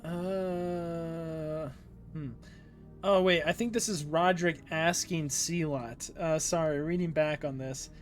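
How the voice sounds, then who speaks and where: A man's voice: on the high side, fairly even intonation, slow, soft background music. A man reading a manga aloud and chatting casually about the art, enthusiastic and swearing freely. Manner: enthusiastic, swears a lot, says "dude". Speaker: manga reader. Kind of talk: casual read-along commentary.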